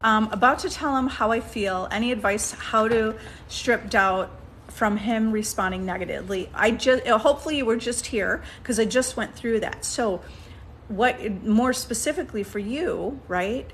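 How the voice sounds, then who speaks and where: Coaxing woman coach, slightly high voice. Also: moderate pace, a little hiss or hum. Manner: coaxing, checks in with frequent "okay?" and "right?"; restarts sentences while thinking aloud. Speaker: manifestation coach. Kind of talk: casual coaching talk.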